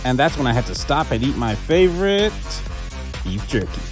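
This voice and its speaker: A man's voice: medium pitch, big pitch swings, moderate pace, faint music behind. A young man narrating his motorcycle trip vlog in a casual, jokey, self-mocking voice-over. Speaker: motorcycle vlogger.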